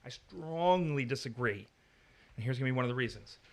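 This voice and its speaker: A man's voice: medium pitch, lively intonation, a little fast. A man leading a teaching discussion on the Bible, arguing his points emphatically. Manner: emphatic, argumentative.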